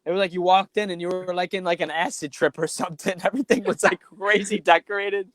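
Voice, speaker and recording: A man who is a guest singer, chatting casually on a talk show, laughing a lot and answering in quick, short bursts. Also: sits high, fairly even intonation, a bit bright, no echo.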